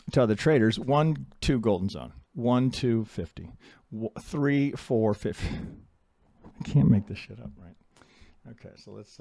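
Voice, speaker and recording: Blunt, animated man teaching trading charts. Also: mid-range voice, gravelly, no room sound, clean studio sound. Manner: blunt, animated, mocks trader voices. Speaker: trading educator. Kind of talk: casual live chart analysis.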